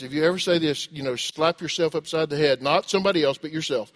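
A man's voice: a little high, fast, hardly any pauses, fairly bright tone. Man preaching a sermon. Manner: preaching with rhetorical questions, acting out quoted voices. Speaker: pastor.

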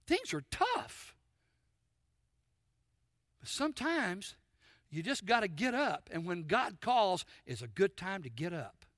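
High, bright-voiced male preacher. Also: very animated, slow, long pauses, dry recording, studio quality. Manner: addresses congregation with call-and-response questions; swings between loud emphasis and soft near-whispers. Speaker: pastor. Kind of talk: sermon. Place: church sanctuary.

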